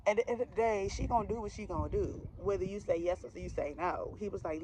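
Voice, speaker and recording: A woman's voice: on the low side, fast, few pauses, mellow, a little hiss or hum. A young woman from the DMV area telling a personal storytime to her viewers in a chatty, slangy way with laughing asides. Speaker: vlogger. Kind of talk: casual storytime.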